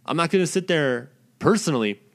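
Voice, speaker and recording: A man's voice: on the high side, expressive, a little fast, fairly bright tone. Profane man in a blunt rant. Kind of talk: ranting monologue.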